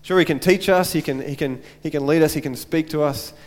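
Male pastor, earnest sermon delivery, rhetorical repetition, slightly high voice, echoing church. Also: a little fast. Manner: earnest, repeats phrases and asks rhetorical questions.

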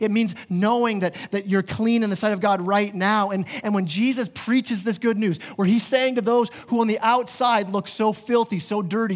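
A man with a high voice preaches a sermon to his congregation. He talks earnestly and conversationally and brings his points home with vivid everyday examples. His voice rings through the long reverb of a large church hall. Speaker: pastor. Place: church sanctuary.

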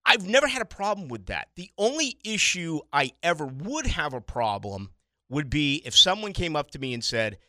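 A man's voice: on the high side, big pitch swings, normal speed, pushed and bright, no room sound, studio quality. A middle-aged man from Boston, a radio talk show host, rambling through a casual monologue with emphatic asides and stuttered restarts.

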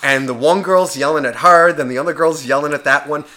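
Young guy on a podcast, bright voice, cussing nonstop, doing all the voices in his bar story. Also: on the high side, brisk. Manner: profane, animated storyteller acting out dialogue. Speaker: podcast co-host. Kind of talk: casual storytelling chat.

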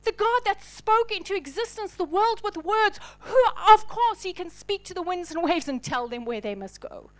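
High-voiced woman preaching with fervor. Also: animated, normal speed, hardly any pauses. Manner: dynamic preaching, swinging from loud declarations to hushed whispers. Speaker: pastor. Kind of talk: sermon.

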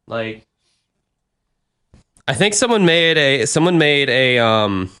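Young guy rambling on a podcast, bright smooth voice, swears a lot. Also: mid-range voice, big pitch swings, takes it slowly. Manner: rambling, loose storytelling with profanity. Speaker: podcast co-host. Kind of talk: casual chat.

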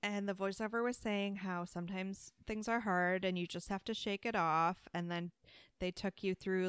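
A woman co-hosting a casual talk show, telling stories in an animated way and laughing often. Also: mid-range voice, moderate pace, clear, resonant tone, dry recording, studio quality. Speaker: podcast co-host. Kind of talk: casual chat.

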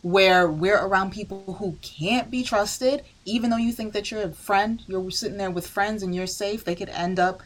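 A woman's voice: medium pitch, moderate pace, few pauses, rough recording. A woman co-hosting a casual chat, earnest and argumentative. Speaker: podcast co-host.

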